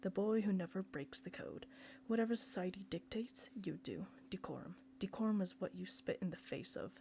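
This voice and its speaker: A woman's voice: medium pitch, brisk, mellow, slight background noise, natural voice. A woman reading the part of a scornful middle-aged male surgeon who lectures and accuses his brother.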